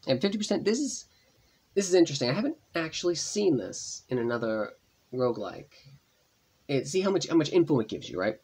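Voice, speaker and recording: A man's voice: a little high, very animated, a little fast, long pauses, a little mellow, husky. A man casually commenting on his gameplay, chatty and rambling, thinking aloud as he plays. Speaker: gaming channel host. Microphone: tablet gameplay voice-over.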